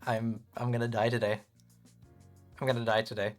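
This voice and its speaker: A man streaming live to his chat, talking in a playful, excitable, self-mocking way. His voice sits at a middle pitch with an American accent. Faint music plays under his talk. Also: moderate pace.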